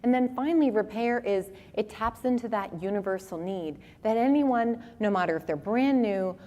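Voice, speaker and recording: A woman in her forties giving a conference talk with animated, humorous storytelling. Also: mid-range voice, normal speed, highs cut off. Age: 40s. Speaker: conference speaker. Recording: long reverb of a hall.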